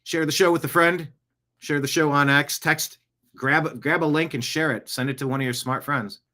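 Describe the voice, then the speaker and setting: A man's voice: fairly high pitch, fairly even intonation, normal speed, bright, forceful tone. A man hosting his own podcast in a casual, rambling monologue full of jokey asides. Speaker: podcast host. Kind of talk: casual live-show monologue.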